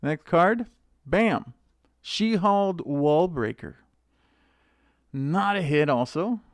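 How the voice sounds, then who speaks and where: A man hosting a casual live stream, chatting excitedly to viewers by name as he opens card packs. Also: a little high, very slow, pauses often, dry recording, clean studio sound. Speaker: channel host opening card packs.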